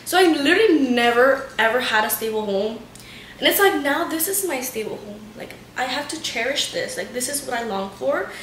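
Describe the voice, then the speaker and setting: A woman's voice: high voice, lively intonation, fairly quick, a bit bright, far from the mic, a little hiss or hum. A young woman chatting casually to camera as she gives a tour of her home, gushing and saying "like" a lot. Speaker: vlogger giving a house tour. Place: living room of a home, indoors. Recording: echoey room, voice off-mic.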